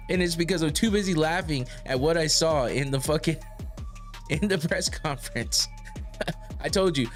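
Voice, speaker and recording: A man with a middle-pitched voice rambles loosely as a podcast host, swearing freely and breaking into laughter. His delivery is casual and unscripted, talking straight to a live chat, with faint music in the background. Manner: profane, rambling and laughing often.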